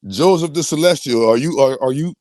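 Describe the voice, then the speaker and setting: A man's voice: fairly high pitch, a little fast, darkish tone, no room sound. Guy ranting on his stream, brags and repeats himself, aave, dead dry room. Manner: boastful, repetitive, restarts often. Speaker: host. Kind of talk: livestream rant.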